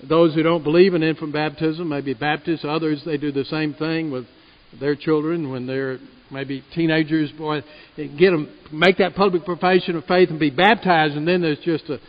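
A man preaches a sermon in a church sanctuary, his fairly high voice pressing earnestly and swelling on key points. The sound is muffled and carries a long hall reverb. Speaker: pastor.

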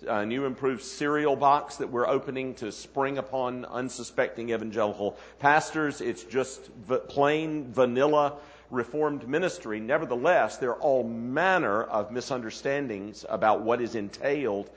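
A man's voice: mid-range voice, moderate pace. A man leading a ministers' conference and giving an earnest opening address with frequent fillers and restarts. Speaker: conference leader. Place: conference hall. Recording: long hall reverb.

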